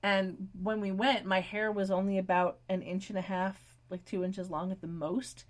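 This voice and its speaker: Woman co-host, casual recap chat, rambly, filler-heavy, softer on anecdotes. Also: mid-range voice, flat delivery, normal speed. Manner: rambling, frequent "like" fillers, drops quiet for stories. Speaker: podcast co-host.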